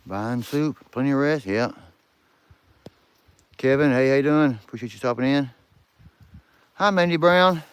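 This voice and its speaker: A man's voice: medium pitch, measured pace, pauses often, clear, resonant tone. A man, hosting a casual outdoor livestream and greeting viewers by name, speaking close to his camera outdoors. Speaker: livestream host. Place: outdoors in snow. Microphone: phone or camera held close.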